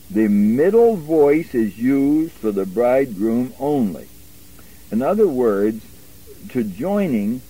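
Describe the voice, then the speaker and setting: A man teaching a verse-by-verse Bible lesson, stressing single words slowly and emphatically. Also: medium pitch, mellow, breathy edge, rough recording.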